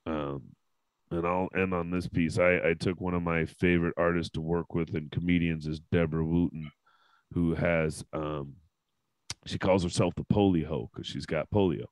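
Low-voiced, candid podcast host man. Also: fairly even intonation, moderate pace, dry recording, rough recording. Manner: candid, profane, emotional. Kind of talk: casual panel podcast talk.

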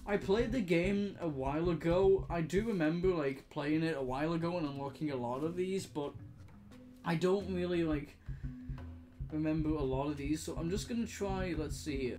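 A young man giving excitable, casual commentary while playing a video game, often laughing and swearing. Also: on the high side, normal speed. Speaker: gaming commentator. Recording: music playing behind.

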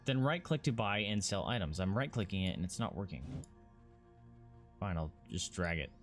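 A man doing casual let's-play commentary, swearing and excitable as he talks to himself and his viewers. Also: low voice, moderate pace, over music. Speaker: gaming streamer.

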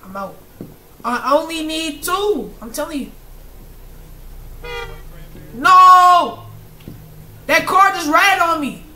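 A young gamer commentating a horror game, bursting into loud panicked screams between jokey banter. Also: very high voice, slow pace, pauses often, slight background noise, poor audio.

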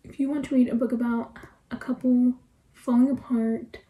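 A woman's voice: fairly high pitch, level tone, normal speed, phone-quality sound. A woman chatting casually as she reviews books on her vlog, gushing and full of "like" fillers. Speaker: book vlogger. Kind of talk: casual book review chat.

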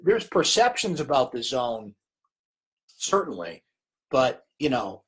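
A middle-aged man hosts a live late-night sports chat. His husky voice jumps up and down in pitch as he rants, clearly exasperated with the broadcast commentary, before easing into his sign-off. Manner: exasperated, ranting, animated. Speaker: sports show host.

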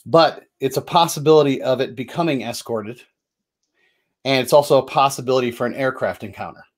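A man's voice: mid-range voice, a little fast. A man hosting a board game session, explaining the rules casually, loose and chatty, with fillers and self-corrections.

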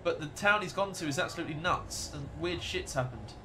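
A man's voice: fairly high pitch, brisk, very noisy. An American man streaming a game live, chatting casually and rambling to his viewers. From United States.

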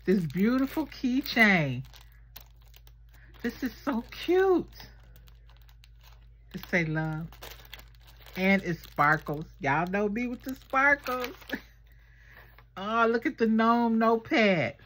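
A woman vlogger chatting casually through a gift unboxing, gushing and excitable. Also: medium pitch, takes it slowly. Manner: gushing, excitable, talks to viewers as girl and y'all. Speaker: craft vlogger unboxing swap gifts.

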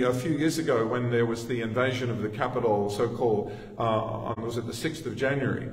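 A man with an Australian accent preaching a sermon in a conversational way, with asides to the congregation. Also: mid-range voice. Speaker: pastor. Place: church sanctuary. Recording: echoey church hall, distant mic.

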